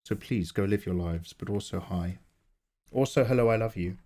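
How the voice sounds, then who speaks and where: A man from England hosting a casual live art stream, greeting viewers and joking around with a sleepy, low-energy manner. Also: moderate pace, mellow. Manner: chatty, greets viewers, self-deprecating jokes. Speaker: livestream host, illustrator. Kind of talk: casual livestream chat.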